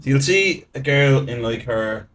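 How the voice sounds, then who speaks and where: A man's voice: mid-range voice, lively intonation, measured pace, fairly bright tone. A man hosting a podcast who talks conversationally, asking questions and riffing along with his guest. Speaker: podcast host. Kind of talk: casual podcast chat.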